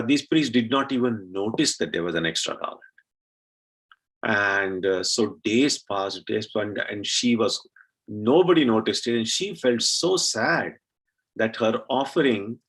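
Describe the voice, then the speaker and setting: A man from India telling a devotional story at a temple celebration, unhurried, with frequent fillers. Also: on the low side, fairly bright tone, husky, rough recording.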